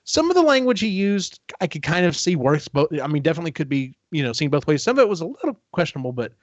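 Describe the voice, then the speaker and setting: A man's voice: on the high side, very animated, no room sound. A man hosting a podcast, recapping a book in a casual, rambling way and briefly acting out characters' lines. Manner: rambling retelling, quick acted-out quotes. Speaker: podcast host. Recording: dull, dry lo-fi podcast audio.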